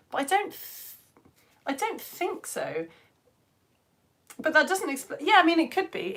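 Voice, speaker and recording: Woman hosting a live stream, higher voice, bursts of excitement then quiet asides, slightly worn voice. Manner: animated, reads comments aloud, jumps between loud greetings and quiet asides. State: tired voice at end of term. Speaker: science show presenter. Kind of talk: lively live-stream chat with viewers.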